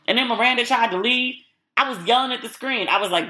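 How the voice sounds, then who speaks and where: Bright-voiced woman chatting frankly. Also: on the high side, brisk. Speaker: podcast host. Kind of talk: casual solo chat.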